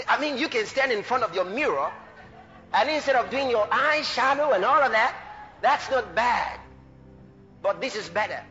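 A male preacher delivering a fervent sermon, shouting exclamations, laughing and acting out scripture voices. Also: very high voice, expressive, moderate pace, in a large hall. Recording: muffled lo-fi recording with faint music.

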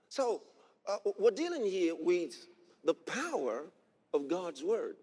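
A man preaching a sermon, emphatic and repetitive, reading scripture aloud and building to shouts. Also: high voice, very animated, slow, in a large hall, slight background noise. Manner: emphatic, repeats key phrases and builds to shouts; reads scripture aloud in old-fashioned wording.

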